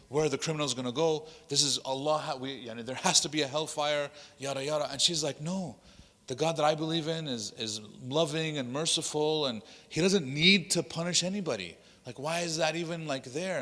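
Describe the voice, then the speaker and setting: Man telling a story in a reverberant hall. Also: medium pitch. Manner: animated storytelling with quoted voices. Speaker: imam. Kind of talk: workshop talk telling a story. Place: mosque hall.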